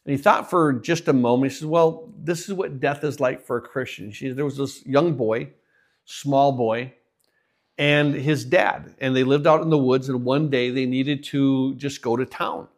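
A man preaching a sermon, telling a story with his voice rising and then dropping almost to a hush. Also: mid-range voice, steady tone, unhurried. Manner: storytelling, voice swells and drops to near hush.

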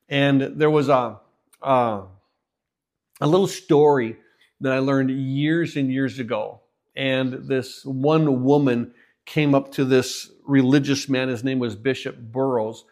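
A man preaching a sermon, telling a story with his voice rising and then dropping almost to a hush. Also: mid-range voice. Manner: storytelling, voice swells and drops to near hush.

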